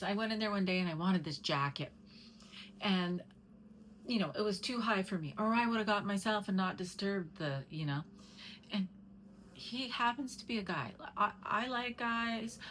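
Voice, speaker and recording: A woman's voice: mid-range voice, fairly bright tone, a little hiss or hum, rough recording. A middle-aged woman chatting casually to camera at home, rambling and talking to her cat between stories. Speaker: vlogger.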